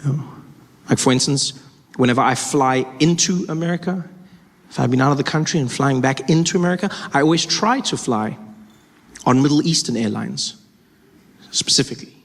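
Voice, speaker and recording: A man's voice: medium pitch, a little fast. A man performing stand-up comedy, telling stories in a conversational way with self-correcting asides. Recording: live stage mic in a reverberant hall with a noisy crowd.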